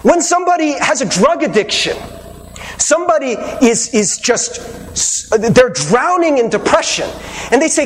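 A man's voice: very high voice, big pitch swings, a little slow, long reverb tail, slight background noise. A man preaching a sermon as pastor, earnest and conversational, asking the listeners rhetorical questions.

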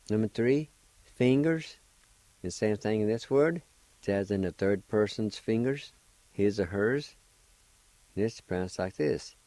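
A man hosting a radio language lesson, spelling and pronouncing each word slowly and patiently, repeating it several times. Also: lowish voice, animated, warm tone, dry recording, poor audio. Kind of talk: slow spelling and pronunciation lesson.

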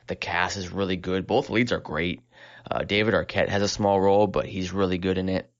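A man's voice: deep voice, fairly even intonation, fairly quick. A man co-hosting a film podcast, enthusiastic and blunt in his opinions, with some cursing. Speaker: podcast co-host reviewing films. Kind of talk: casual chat. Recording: dull lo-fi sound.

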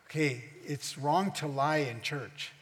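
A middle-aged male pastor preaches slowly in a church hall, teaching as he goes and repeatedly turning questions back to the congregation. His fairly high voice trails off into a long reverb.

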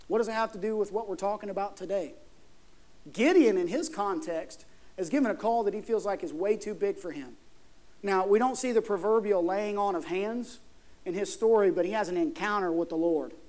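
A man with a high voice preaches a sermon as pastor. He throws rhetorical questions at the congregation and drives his points home with rising emphasis. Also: fairly quick, a little mellow.

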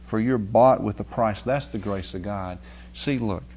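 A man's voice: lowish voice, a little slow, darkish tone, slight background noise. A man preaching a sermon, telling a homely story and often checking with his listeners. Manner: folksy storytelling with rising emphasis and frequent "right?" checks. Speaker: pastor.

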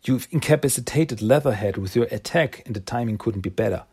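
A man's voice: mid-range voice, brisk, darkish tone, breathy edge. A man doing Krang, a cold scheming alien warlord. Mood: grateful scheming. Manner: stiff formal villain speech.

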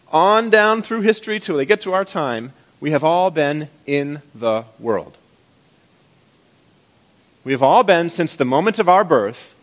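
A man's voice: fairly high pitch, fairly bright tone. A man as pastor, preaching to his congregation in a conversational, playful way. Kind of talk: sermon.

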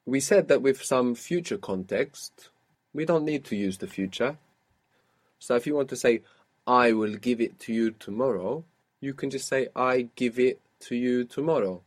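A man leads a spoken language lesson at a medium pitch. He sets up phrases, asks for answers and confirms them patiently. His tone stays calm and guiding throughout. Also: moderate pace. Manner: patient, prompting and correcting a learner. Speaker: language teacher.

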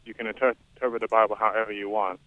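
Halting male caller from Florida. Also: fairly low pitch, little pitch movement, dry recording, phone-quality sound. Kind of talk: phone-in question.

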